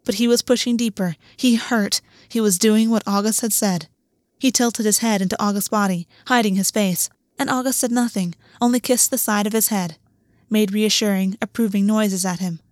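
Woman narrator, steady measured story reading, mid-pitched, dry close sound. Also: dry recording. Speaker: audiobook narrator.

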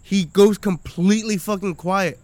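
Young guy on a podcast, high-ish voice, cussing thru long stories, laughs a lot. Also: steady tone, normal speed, a little mellow, a little hiss or hum. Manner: profane rambling storyteller, laughs often. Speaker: podcast guest. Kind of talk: casual podcast chat.

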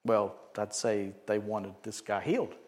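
A man preaching a sermon, animated, swinging from loud emphatic bursts to quiet joking asides. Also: lowish voice, unhurried. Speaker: pastor.

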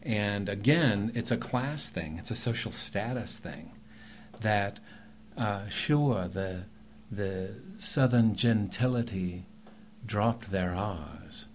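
Low-voiced acting teacher, chatty. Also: male voice, takes it slowly, slight background noise. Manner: chatty and rambling, with emphatic bursts. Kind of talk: relaxed podcast conversation.

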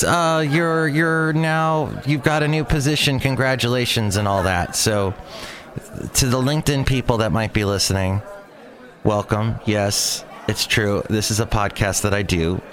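A man's voice: fairly low pitch, measured pace, a bit bright, some chatter behind. A man hosting his own daily podcast, telling a rambling story in a chatty, exasperated way. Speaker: podcast host. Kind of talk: casual solo podcast monologue.

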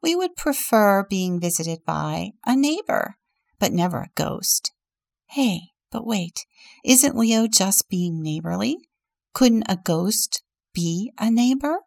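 Slow gravelly-voiced woman deacon. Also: mid-range voice, expressive, no room sound, clean studio sound. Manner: gentle, storytelling, asks questions. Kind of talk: reading a children's book and reflecting.

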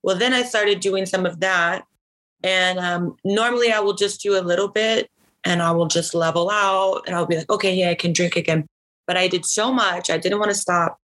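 A woman's voice: medium pitch, steady tone, moderate pace, fairly bright tone, rough recording. A woman from Northern California telling a personal story as a podcast guest, chatty and full of "like" fillers. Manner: chatty, frequent "like" fillers, laughs easily. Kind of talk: casual storytelling.

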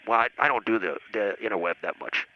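A man's voice: on the low side, fast. A man calling in to a comedy show, rambling and needling, with many hesitant uhs. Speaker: phone-in guest. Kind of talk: comedic phone banter. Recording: muffled call-in line with faint noise.

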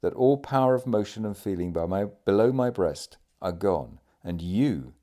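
A man voicing a dying naval commander, speaking weakly and low, with bursts of forceful insistence. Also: normal speed, close to an everyday voice. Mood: weary, resigned. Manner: weak, low, fading delivery with sudden forceful outbursts.

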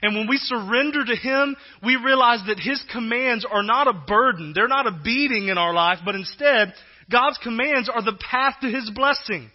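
High-voiced preaching man, muffled sound. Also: moderate pace. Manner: emphatic preaching, swinging between loud and hushed. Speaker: pastor. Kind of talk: sermon.

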